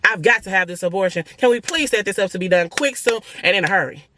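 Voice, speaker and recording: A young woman, telling viewers an emotional personal story in a blunt, animated, profane way. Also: mid-range voice, quick pace, a little hiss or hum. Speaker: family vlogger.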